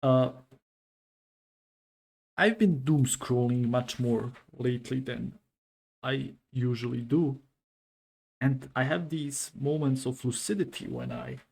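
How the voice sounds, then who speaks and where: Male streamer, gravelly, casual musing reactions, halting delivery. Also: medium pitch, lively intonation, darkish tone.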